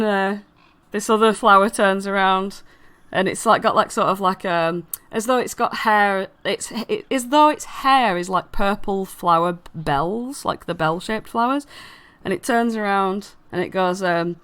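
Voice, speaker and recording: A woman's voice: medium pitch, measured pace, fairly bright tone, clear, resonant tone, no room sound. A woman narrating as dungeon master of a tabletop game, loose and giggly with many fillers.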